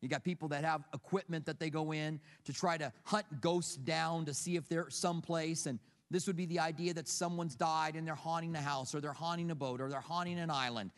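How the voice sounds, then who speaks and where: A man's voice: fairly high pitch, fairly even intonation, brisk, hardly any pauses, in a large hall. A middle-aged male pastor preaching a sermon, telling stories conversationally and asking rhetorical questions. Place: church sanctuary.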